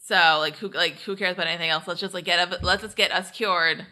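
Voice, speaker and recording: Young woman recapping a show, super chatty, says "like" constantly, bright sharp voice. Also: fairly low pitch, fairly even intonation, fast talker. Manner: chatty, heavy use of "like", acts out characters' lines. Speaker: podcast co-host. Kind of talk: casual recap chat.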